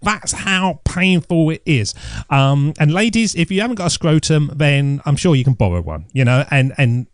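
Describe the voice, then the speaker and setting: A man's voice: fairly high pitch, animated, moderate pace, no room sound, clean studio sound. A middle-aged man, rambling through a jokey, self-mocking podcast story. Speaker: podcast host. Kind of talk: casual solo podcast monologue.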